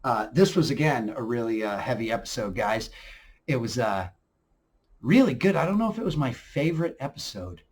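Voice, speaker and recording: A man in the middle of his range, breaking down an episode in a loose, chatty review. He acts out the scenes as he goes, dropping to low mutters and then jumping into loud, excited bursts. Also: moderate pace. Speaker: host of a TV review channel.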